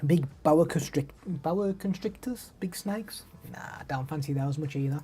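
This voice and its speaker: Midlands guy live streaming, chatty, mellow dark voice, bit husky. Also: a little high, unhurried, faint music behind. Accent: English Midlands. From the English Midlands. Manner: chatty, reads out viewer names and answers them. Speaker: live streamer demoing microphones. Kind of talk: casual live stream chat.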